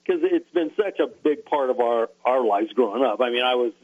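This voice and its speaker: A man co-hosting a radio show, reminiscing in a rambling, halting way. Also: mid-range voice, expressive, phone-quality sound. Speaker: radio co-host. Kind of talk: casual radio chat.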